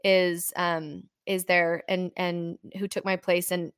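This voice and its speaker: A woman's voice: fairly low pitch, flat delivery, slow pace, clean tone, no echo, studio quality. Bubbly woman hosting an interview. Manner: bubbly and enthusiastic. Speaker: host. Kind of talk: casual interview chat.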